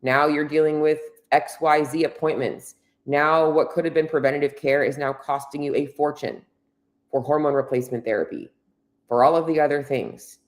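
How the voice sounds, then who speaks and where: A woman's voice: low-pitched, moderate pace. A woman fitness coach talking straight to women in a solo podcast, blunt and candid, swearing freely as she coaches. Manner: earnest, coaching tone addressing women directly.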